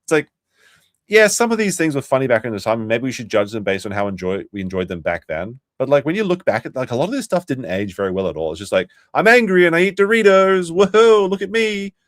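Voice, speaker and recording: A man streaming live, reacting to a video with sarcastic, animated commentary and some swearing. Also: on the low side, quick pace, hardly any pauses, no room sound, studio quality.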